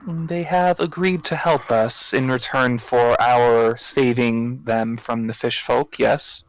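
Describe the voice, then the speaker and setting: A man's voice: medium pitch, fairly even intonation, slow pace, no room sound, low-quality recording. A man playing a tabletop game, speaking in character in a courteous, flowery way. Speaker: player.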